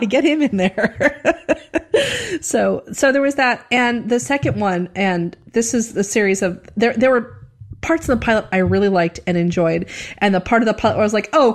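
A woman in a casual TV review chat, animated, laughing often and mimicking accents. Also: medium pitch. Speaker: podcast co-host.

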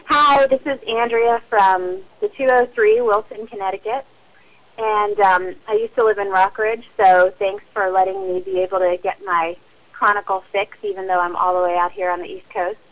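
A woman's voice: medium pitch, moderate pace. A woman leaving a polite, chatty voicemail for a podcast. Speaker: caller. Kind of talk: voicemail message. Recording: muffled phone line with faint hiss.

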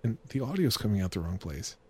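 A man joining a casual movie commentary as a guest, making deadpan puns on a close mic. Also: on the low side, quick pace, husky. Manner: deadpan punning jokes.

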